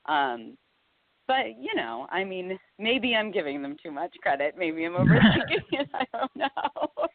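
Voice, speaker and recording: A woman's voice: fairly low pitch, sing-song, normal speed, no room sound. Woman guest, thoughtful, laughing, dry, phone-like sound. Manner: musing, hedging, laughs often. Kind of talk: casual radio chat.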